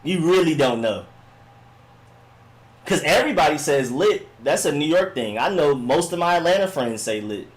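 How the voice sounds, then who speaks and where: A man's voice: fairly high pitch, lively intonation, normal speed. Laid-back man chatting on a live stream. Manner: laid-back, rambling, slangy, often says "you know what I'm saying". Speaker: sports live-stream host. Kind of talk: casual live-stream chat, reading and answering viewer comments.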